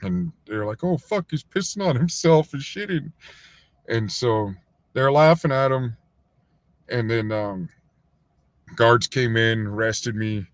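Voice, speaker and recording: A man casually telling a rambling, profane story on a livestream, full of fillers, sometimes acting out other people in a higher voice. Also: animated, slow pace, pauses often, dry recording. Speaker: livestream host. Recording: dull, lo-fi dry sound.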